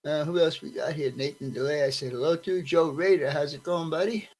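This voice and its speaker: A man's voice: fairly high pitch, fairly quick, darkish tone, low-quality recording. Guy on a live stream saying hi to everyone in chat, friendly and easygoing. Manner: friendly, greets viewers by name one after another. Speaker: livestream host greeting chat. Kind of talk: casual livestream chat.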